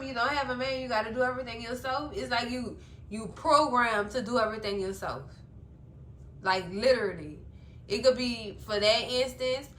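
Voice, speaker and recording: A woman chatting casually to her viewers as she recaps a TV episode, expressive and talkative. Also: fairly high pitch, echoey room. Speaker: TV recap vlogger.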